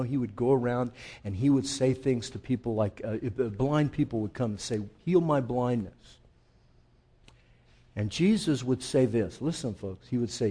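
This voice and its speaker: A man preaching a conversational sermon, calling listeners folks and swinging from quiet intensity to loud emphasis. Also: medium pitch, breathy edge. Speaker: pastor.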